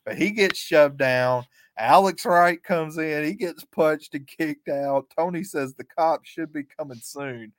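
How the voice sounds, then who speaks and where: A man co-hosting a podcast, recapping events play by play in a relaxed, chatty way and chuckling often. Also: a little high, unhurried, hardly any pauses, no room sound. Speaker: podcast co-host. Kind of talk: casual recap chat.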